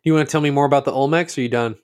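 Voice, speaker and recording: A man co-hosting a casual chat, profane and animated, often slipping into other people's voices to tell a story. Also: medium pitch, rapid-fire.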